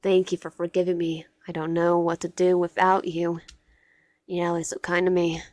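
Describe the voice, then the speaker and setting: A woman's voice: on the low side, monotone, moderate pace, darkish tone, dry recording, lightly acted. A woman voicing a possessive, tearful teenage boy classmate who pleads and clings. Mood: pleading.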